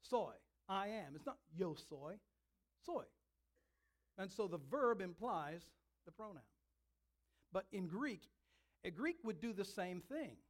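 A man with a high voice delivers a sermon with dramatic emphasis, slowing down to lean on key words. He preaches in a storytelling way to a congregation. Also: sing-song.

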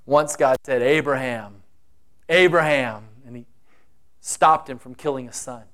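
A man's voice: medium pitch, a little slow, sharp tone. A man preaching a sermon, acting out the quoted voices with dramatic shifts. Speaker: pastor.

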